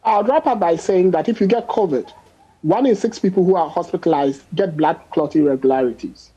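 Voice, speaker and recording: A man speaks as a doctor on a news panel, husky and mellow in tone. He presses his case hard with figures and everyday comparisons. The sound comes over a dull, lo-fi remote link. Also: sits high, a little fast. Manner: emphatic, explains with statistics and everyday examples. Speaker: doctor guest. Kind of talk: panel discussion on a news show.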